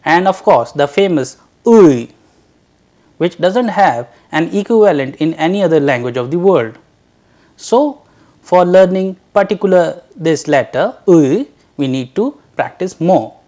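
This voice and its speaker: A language teacher giving a recorded lecture, drawing out each letter sound slowly and carefully for learners to repeat. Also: medium pitch, expressive, a little mellow.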